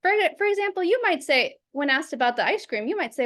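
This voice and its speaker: A woman teaching public speaking over a video call, lively and acting out examples in quoted voices. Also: high voice, fast, few pauses. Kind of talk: instructional talk.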